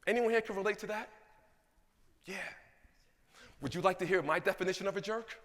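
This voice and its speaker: A man giving an energetic conference keynote, asking the audience questions. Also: sits high, a little fast, long pauses, big-room sound. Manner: animated, asks the audience questions. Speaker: keynote speaker. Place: large conference hall.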